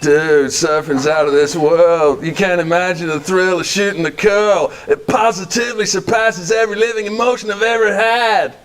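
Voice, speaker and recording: A man's voice: high-pitched, fairly even intonation, normal speed, few pauses, slight background noise, lightly acted. A man putting on a Californian accent to play a laid-back male surfer dude with a drawling, dreamy way of talking. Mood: stoked. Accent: put-on Californian.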